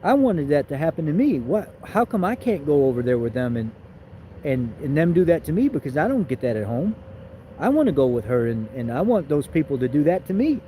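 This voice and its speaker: A man's voice: fairly high pitch, big pitch swings, a little fast, mellow, a little hiss or hum, poor audio. A man vlogging, telling a personal story in a rambling, emotional way, often repeating his words.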